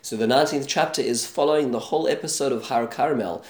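A man with a voice of ordinary pitch teaches a Bible lesson in a relaxed storytelling way. He drops Hebrew terms and verses into his English and briefly acts out the characters' lines. The recording has a noticeable room echo. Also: quick pace.

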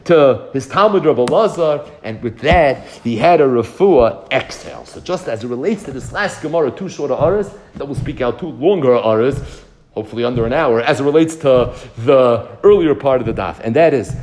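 A man teaching a Talmud lesson, reading Aramaic phrases and explaining them in English, retelling the dialogue with lively swings of voice. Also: mid-range voice, fairly quick. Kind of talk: daf yomi lecture.

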